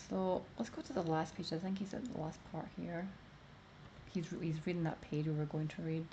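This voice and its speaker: A woman with a low, darkish voice and a faint hiss or hum in the background. She's a streamer offering casual commentary, rambling through her opinion with plenty of "like" thrown in.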